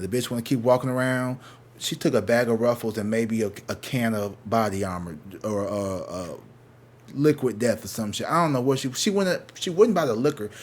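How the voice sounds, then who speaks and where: A man's voice: mid-range voice, husky. A man with a St. Louis accent tells a casual story and swears freely. His voice sits in a middle register, and he jumps into other people's voices to act out their lines. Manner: profane, animated, acts out other people's lines. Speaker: tarot reader telling a story.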